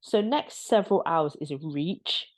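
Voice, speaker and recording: A woman's voice: deep voice, expressive, unhurried. A woman giving casual, opinionated commentary as a vlogger, sarcastic and exasperated.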